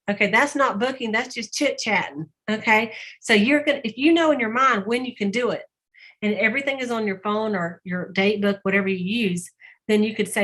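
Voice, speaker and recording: A woman's voice: medium pitch, brisk, a bit bright. A woman leading a sales team call, chatty and folksy, acting out little conversations as she coaches.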